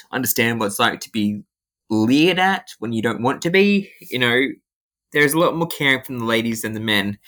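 A man's voice: mid-range voice, sharp tone. Tearful man in his thirties. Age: 30s. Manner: tearful, voice breaking at times. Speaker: interviewee. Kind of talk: emotional personal testimony.

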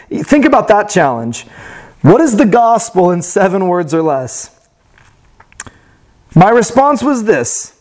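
Man, sermon, reflective then animated storytelling, unhurried delivery. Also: high voice. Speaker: pastor.

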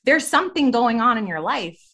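Woman, thirties, podcast co-host, candid testimony, lively pitch. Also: moderate pace, husky. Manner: candid, animated storytelling. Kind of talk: personal testimony in conversation.

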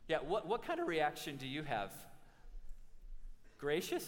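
Brief: male pastor, 40s, fairly high voice, animated and humorous sermon, long hall reverb. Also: measured pace, pauses often. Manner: animated storytelling with humor and restarts.

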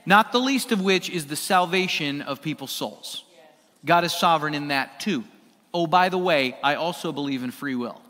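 A man preaching from the pulpit with a bright, high voice, talking to his congregation and putting questions to them. His words ring out with the long reverb of a church hall. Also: moderate pace. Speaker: pastor. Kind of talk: sermon. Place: church sanctuary.

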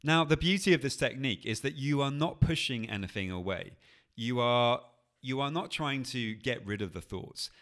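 A man, calmly and patiently explaining a technique on a coaching podcast. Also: medium pitch, moderate pace. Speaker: anxiety coach. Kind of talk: podcast teaching.

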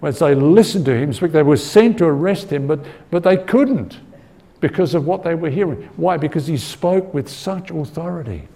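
A man's voice: on the high side, lively intonation, normal speed, creaky, dark tone. A man teaching a conversational Bible-study sermon. He talks earnestly, asks his listeners for agreement and repeats words as he thinks. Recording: long hall reverb.

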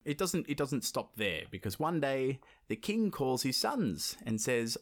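A man's voice: mid-range voice, big pitch swings, unhurried, few pauses. Joking man retelling a folktale. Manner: joking, swearing, lots of fillers. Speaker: podcast co-host. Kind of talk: casual storytelling chat.

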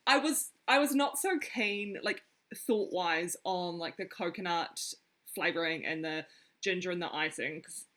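A woman's voice: on the low side, unhurried, fairly bright tone. A woman co-hosting a casual chat, giggly and candid. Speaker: podcast co-host.

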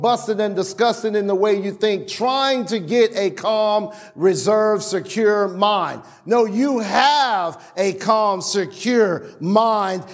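A man preaching a sermon, animated, with stammered restarts and acted-out quotes. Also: high voice. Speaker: pastor. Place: church sanctuary. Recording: long church reverb.

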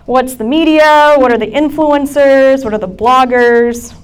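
A woman's voice: high voice, measured pace, clean tone. A woman speaking as a friendly male teacher, asking his friends a casual question. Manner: casual, conversational.

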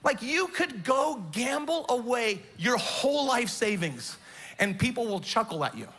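High-voiced emphatic male preacher. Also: very animated, a little slow, sharp tone, husky. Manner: emphatic, rhetorical questions, repeats for stress. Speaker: pastor. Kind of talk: sermon.

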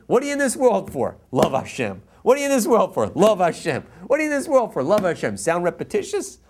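A man's voice: high-pitched, huge pitch swings, moderate pace, a little hiss or hum. A man teaching a Torah class to a live audience, passionate and jokey, repeating key phrases and mixing in Hebrew quotes.

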